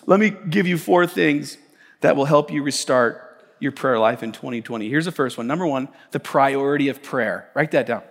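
A man's voice: medium pitch, normal speed. A man pastor preaching a conversational sermon, stumbling over restarts and building to emphatic peaks. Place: church sanctuary. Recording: church hall reverb.

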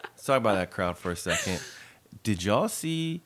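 A man co-hosting a casual movie recap podcast, joking and slipping into quick character voices. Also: fairly low pitch. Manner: animated, jokey, does quick voices of characters. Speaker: podcast co-host.

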